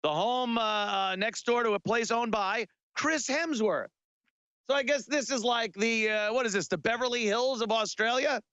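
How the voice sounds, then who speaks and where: A man's voice: extremely high pitch, normal speed, fairly bright tone, clear, resonant tone, dry recording, highs cut off. A man hosting a talk radio show, delivering a sarcastic, rambling monologue with lots of filler words.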